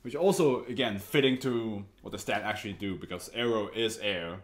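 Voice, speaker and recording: A man's voice: on the low side, moderate pace. A man hosting an anime reaction video, chatting casually while he stands, jokey and laughing often.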